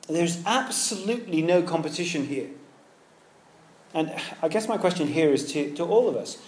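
A man preaching a sermon in a lively, conversational way, dropping in everyday comparisons. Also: on the high side, moderate pace. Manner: lively, conversational with pop-culture asides. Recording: echoey room.

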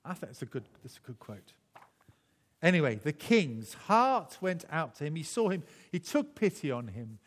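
Man, preacher, sermon, chatty restarts, lively intonation, long hall reverb. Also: fairly high pitch, moderate pace. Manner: conversational, with frequent restarts and chuckles.

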